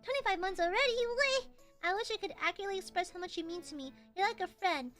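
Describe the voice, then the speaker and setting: A woman's voice: extremely high pitch, animated, very fast, fairly bright tone, soft background music. A young woman streaming and chatting casually with her viewers, giggling often and playfully whining. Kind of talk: casual livestream chat.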